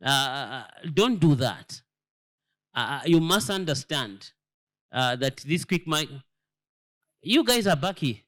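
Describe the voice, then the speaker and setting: A man's voice: a little high, very animated, a little slow, pauses often, fairly bright tone. A man, a church elder giving a sermon-style lesson, emphatic and full of rhetorical questions, often repeating words as he searches for them. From Zambia.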